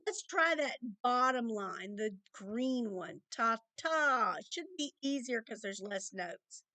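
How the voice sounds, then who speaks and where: A high-voiced woman teaching a music lesson to children, explaining slowly and patiently and counting rhythms aloud. Her voice sounds dry and close, with no room echo. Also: lively intonation, bright, forceful tone.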